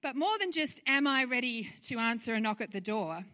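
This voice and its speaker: A woman's voice: a little high, expressive, fairly quick, sharp tone, big-room sound. A woman pastor giving a conversational sermon full of rhetorical questions.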